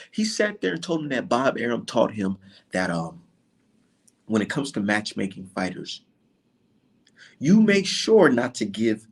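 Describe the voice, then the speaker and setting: A man delivers a heated, profane commentary rant, piling on sarcastic rhetorical questions. His voice is slightly husky, and his pitch swings dramatically as he works himself up.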